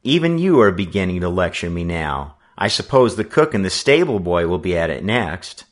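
A man reading the part of a moody schoolboy who answers gruffly and impatiently. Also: deep voice, sing-song, moderate pace. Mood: exasperated. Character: moody schoolboy, bold but sulky.

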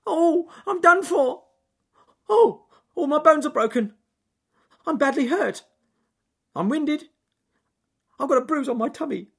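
A high, wailing little storybook rabbit, timid and fretful. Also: male voice, expressive, takes it slowly, creaky, pauses often, exaggerated voice. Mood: panicked wailing. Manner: wailing, breathless complaints. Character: small timid male rabbit, fretful and squeaky.

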